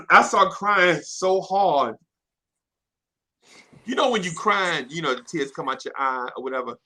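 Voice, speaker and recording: A man telling a childhood story in casual chat, animated and slangy, often laughing. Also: on the high side, measured pace, pauses often, slight background noise. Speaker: podcast storyteller.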